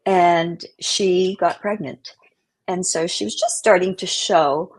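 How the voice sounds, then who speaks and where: A middle-aged woman, a guest, tells a personal story with real feeling, her voice lowish and fairly even in intonation as she goes at a slow pace. She's an emotional, vivid storyteller who acts out the voices and quotes within it.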